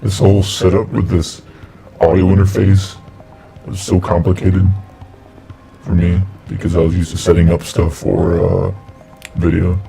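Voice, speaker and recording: A man talking through a voice effect that lowers his voice, rambling while he tests how it sounds. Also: little pitch movement, unhurried, creaky, dark tone, soft background music, poor audio. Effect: pitch-lowering voice effect. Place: home streaming setup.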